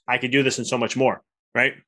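A man's voice: medium pitch, flat delivery, fast talker, sharp tone. A man hosting a podcast, talking in an enthusiastic, rambling way with many restarts. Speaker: podcast host, chiropractor. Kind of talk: casual interview chat.

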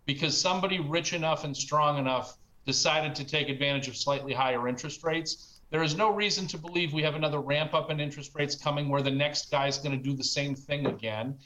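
Bright, confident male market commentator. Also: a little high, fairly quick, highs cut off. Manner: confident, emphatic. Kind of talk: financial news panel discussion.

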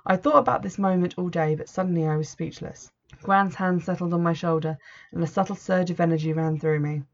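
Gravelly-voiced woman reading a story. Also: fairly low pitch, a little fast. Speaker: narrator. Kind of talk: first-person story reading. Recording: dull lo-fi recording.

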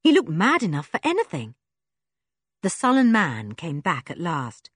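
Casting: expressive audiobook narrator, woman, husky, low, dry studio sound. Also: measured pace, dry recording. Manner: expressive storytelling.

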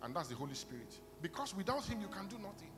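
A man's voice: sits high, big pitch swings, fast talker. Man preaching in a reverberant church hall. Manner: preaching with rising bursts of loudness in prayer. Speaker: pastor. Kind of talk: sermon. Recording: reverberant hall with music behind. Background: instrumental music.

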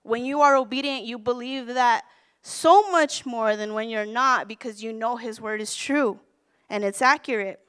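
Woman minister, sermon, smooth clear voice, higher pitch, earnest, candid storytelling. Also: moderate pace, a bit bright. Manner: earnest, counts off numbered points, quotes scripture; candid and self-deprecating when telling her story.

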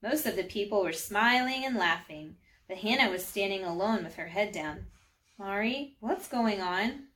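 A woman's voice: mid-range voice, normal speed, hardly any pauses, bright, forceful tone. Woman reading a children's storybook. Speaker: storybook reader.

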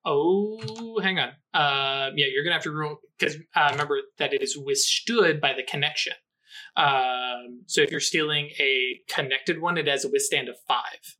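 A man leads a tabletop game as its game master. His voice is bright and a touch high. He explains the rules in halting bursts, full of ums and restarts. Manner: hesitant, many fillers, rules explanations.

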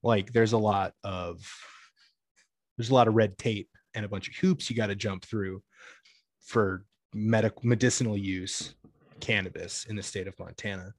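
Low-voiced young man rambling casually. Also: steady tone, normal speed, no echo, studio quality. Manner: rambling, full of "like" fillers, swears freely. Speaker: guest. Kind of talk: casual chat.

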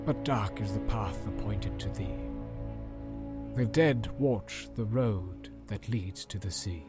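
A man voicing an ancient, grave male wizard who speaks in a solemn, measured way and chants verse, with film music behind him. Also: on the low side. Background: film score music.

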